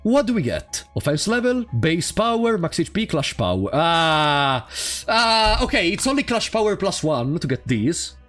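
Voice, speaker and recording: A man's voice: sits high, big pitch swings, moderate pace, fairly bright tone. A man with an Italian accent, a native Italian speaker, streaming a game in casual commentary, wry and sarcastic and laughing often. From Italy. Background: faint game music.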